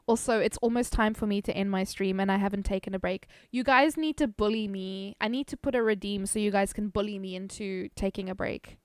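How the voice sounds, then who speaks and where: A woman's voice: medium pitch, fairly quick, few pauses, clear, resonant tone, no echo. A woman streaming a game live, chatting casually with her viewers, swearing freely and laughing often.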